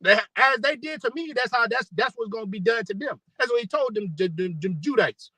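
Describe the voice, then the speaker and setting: A man delivers a rough, profane street sermon, reading out scripture between slangy asides. His voice sits high and bright and sharp. The recording is dry and close. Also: lively intonation, fairly quick, few pauses, no room sound, rough recording. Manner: rough slangy preaching, reads scripture aloud, swears often; repeats "man" and "you know". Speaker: street preacher.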